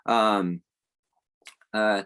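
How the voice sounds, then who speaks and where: एक आदमी, बातचीत में लंबी कहानी सुनाता हुआ. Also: male voice, on the low side, fairly even intonation, extremely slow, fairly bright tone, clean tone. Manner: rambling, with many fillers and restarts. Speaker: guest. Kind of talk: casual interview storytelling.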